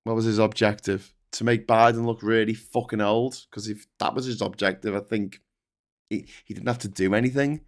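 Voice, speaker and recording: A middle-aged man hosting a live stream, talking in casual, animated, sweary commentary. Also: fairly low pitch, normal speed.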